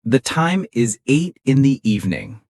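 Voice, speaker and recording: A teacher gives a scripted beginner lesson in an encouraging tone. The pitch moves a lot, rising and falling. Example phrases are spoken slowly and clearly. The sound is dry and close, with no room echo. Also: big pitch swings, darkish tone. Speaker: English teacher.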